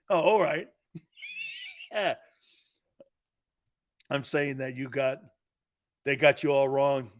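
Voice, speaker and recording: Brash, bright-voiced male sports talker. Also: a little high. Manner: brash, rambling, jumps into loud outbursts; laughs at his own jokes. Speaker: sports talk show host. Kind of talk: sports talk rant with storytelling.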